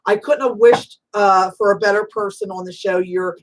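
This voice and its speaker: A woman of Italian-American background hosts a live call-in spiritual reading show as a psychic reader, speaking emphatically and in a motherly way, calling guests honey and sweetie. Her mid-range voice holds a steady tone at a moderate pace.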